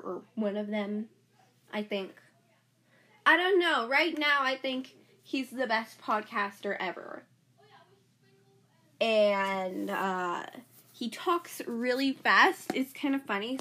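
Her voice on the high side and fairly bright, a woman talks through a relaxed solo episode of her own podcast. She chats in a valley-girl manner, sprinkling in "like" constantly.

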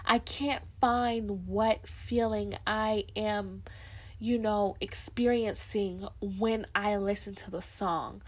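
A woman's voice: medium pitch, steady tone, slow pace. A young woman hosting a solo podcast, talking in a rambling, reflective way with lots of fillers. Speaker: podcast host. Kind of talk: casual solo podcast chat.

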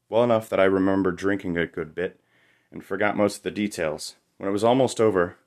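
A young man narrating a first-person memoir story in a wry, confessional way. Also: low-pitched.

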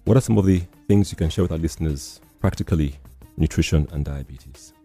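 A man hosting a radio health talk show, speaking in a measured way and often repeating and summing up his guest's points. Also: extremely low pitch, warm tone, husky, faint music behind. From Nigeria. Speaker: radio host.

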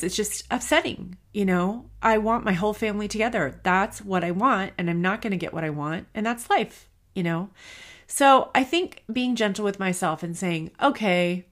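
A woman's voice: medium pitch, lively intonation, normal speed. Candid woman on the verge of tears. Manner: candid, emotional, thinking aloud. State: near tears. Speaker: podcast host. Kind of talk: personal solo podcast talk.

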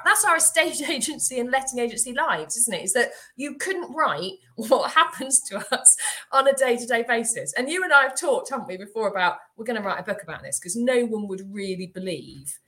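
Bright-voiced woman podcast host. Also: fairly high pitch, animated, brisk. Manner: warm storyteller, laughs often while talking. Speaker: rural estate agent, podcast host. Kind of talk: casual podcast chat.

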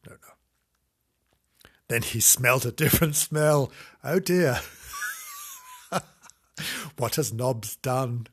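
A man's voice: medium pitch, drawn-out words, pauses often, fairly bright tone, husky. A man reading a children's story aloud in a playful, sing-song way, breaking off into cheeky asides and mock apologies to the children.

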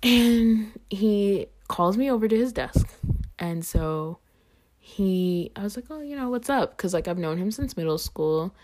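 A woman's voice: medium pitch, unhurried, a little mellow. A young adult woman hosting a podcast, telling a story in a casual, chatty way with lots of "like" and "um". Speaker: podcast host.

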